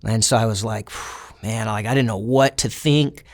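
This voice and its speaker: A man's voice: on the low side, moderate pace. A young man, an interview guest, telling a personal story in a casual, reflective way and voicing the people in it. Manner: casual, reflective retelling with acted quotes of other inmates.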